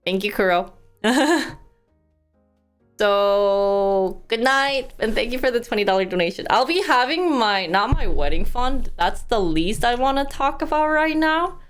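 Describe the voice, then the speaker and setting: Slow-talking woman streamer. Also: a little high, expressive, faint music behind. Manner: chatty, thanks donors, stumbles over hard words. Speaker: live streamer. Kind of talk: casual live stream chat, reading news aloud.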